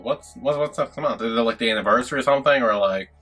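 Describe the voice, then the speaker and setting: A man giving casual, animated reaction commentary while he watches a show. He swears freely and breaks into laughing asides. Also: medium pitch, rapid-fire, slightly rough, soft background music. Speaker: reaction video host.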